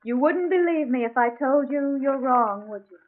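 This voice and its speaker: A young woman of mystery speaks softly and sadly in a 1940s radio drama. Her voice sits high and hushed. The old broadcast is thin and tinny. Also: lively intonation, moderate pace. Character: young mysterious woman in black, soft and sad.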